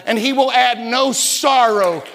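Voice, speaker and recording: A man in his sixties from West Virginia preaching a sermon in a church, telling stories, stumbling over repeated words and rising to shouts. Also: very high-pitched, unhurried. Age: 60s. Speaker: pastor. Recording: reverberant church hall.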